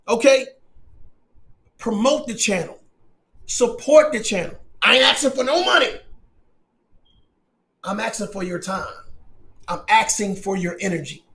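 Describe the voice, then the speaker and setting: Male commentary host, emphatic and preachy delivery, profane, higher-pitched voice. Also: fairly bright tone. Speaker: channel host. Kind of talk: casual commentary.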